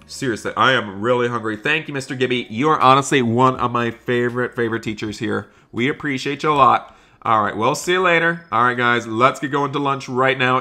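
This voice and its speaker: A man hosting a gaming channel, talking excitedly to viewers while role-playing a school day in a game. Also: mid-range voice. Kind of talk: Roblox role-play commentary.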